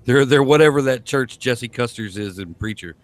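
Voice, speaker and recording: A man's voice: mid-range voice, lively intonation, moderate pace, dry recording. A young man playing a tabletop game, asking wry, politely phrased questions. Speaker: player. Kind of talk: tabletop role-play chat.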